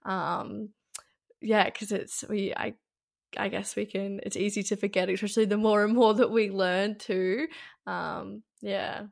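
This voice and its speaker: A woman's voice: medium pitch, fairly even intonation, measured pace, gravelly. A woman hosting a casual podcast conversation as a sex educator, chatty, with lots of fillers and frequent laughs.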